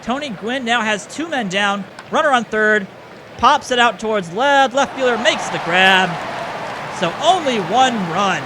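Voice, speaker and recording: A man giving play-by-play commentary over a baseball video game, excitable on big plays and often correcting himself. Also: sits high, moderate pace, a crowd in the background, noisy background.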